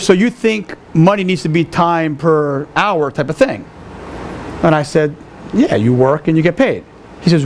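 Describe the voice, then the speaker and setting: A man's voice: on the high side, a little hiss or hum. A man casually telling a personal story, acting out the dialogue and often adding "right?". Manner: animated, acts out dialogue with fillers like "right?".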